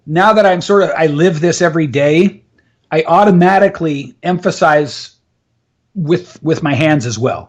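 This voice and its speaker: Emphatic man coaching on public speaking. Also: a little high. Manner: emphatic, explains with instructive asides. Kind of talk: casual live interview.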